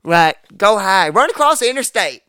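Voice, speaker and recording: Guy on a podcast, kinda high smooth voice, swearing a lot telling a wild story, dry close sound. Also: moderate pace, no room sound. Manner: profane, animated storyteller acting out quotes. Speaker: podcast co-host. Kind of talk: casual storytelling chat.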